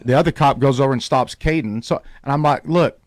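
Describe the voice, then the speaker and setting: Male radio host, lively storyteller, dry close mic. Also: mid-range voice, a little fast, no room sound. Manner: animated storyteller, acts out quoted voices.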